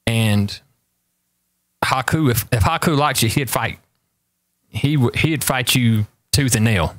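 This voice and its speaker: A man's voice: medium pitch, slow, no room sound. A man, hosting a show and telling rambling stories with emphatic repeated warnings. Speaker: talk show host. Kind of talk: casual storytelling chat.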